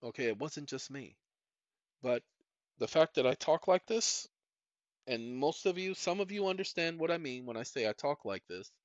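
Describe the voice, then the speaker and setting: A man's voice: fairly high pitch, lively intonation, normal speed, dry recording. A middle-aged man hosting his own channel, rambling through a personal monologue and speaking straight to his viewers. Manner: rambling, repeats "ladies and gentlemen", talks straight to the audience. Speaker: channel host. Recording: muffled lo-fi, dry.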